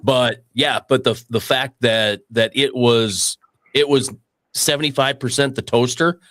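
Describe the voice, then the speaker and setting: A man's voice: medium pitch, fairly even intonation, a little slow, a bit bright. A man hosting a casual chat, easygoing and chuckling as he talks. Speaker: host.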